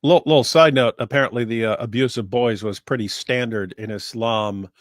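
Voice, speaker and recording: A man co-hosting a casual livestream with deadpan, ironic remarks. His pitch is ordinary, neither high nor low. The recording is dry and close. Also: fairly quick, no echo. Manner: deadpan, ironic, tries impressions. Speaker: livestream co-host.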